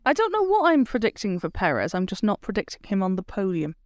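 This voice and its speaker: A woman's voice: medium pitch, huge pitch swings, quick pace, no room sound, studio quality. A woman co-hosting a casual podcast chat, with a wry, playful manner. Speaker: podcast co-host.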